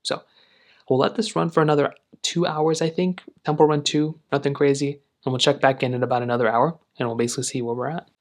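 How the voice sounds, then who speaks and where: A male tech reviewer talks viewers through his test in an easygoing, meandering way. His voice sits at an ordinary middle pitch, and he leans on filler phrases as he goes. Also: quick pace. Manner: relaxed, rambling with filler phrases. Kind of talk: casual tech review narration.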